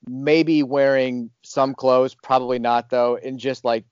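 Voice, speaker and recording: A man's voice: mid-range voice, fairly even intonation, takes it slowly, a little mellow, clear, resonant tone, no echo, lo-fi sound. A man hosting a podcast, chatting casually and reading out listener reviews. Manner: easygoing, reads listener reviews. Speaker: podcast host.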